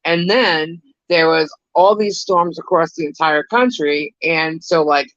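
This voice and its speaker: A man's voice: on the high side, measured pace, a bit bright, dry recording. A man with a New York accent co-hosting a casual live chat, talking in a rambling, chatty way with frequent laughs over a lo-fi online call. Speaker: co-host of a live chat stream. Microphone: video call mic. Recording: dull, lo-fi online call audio.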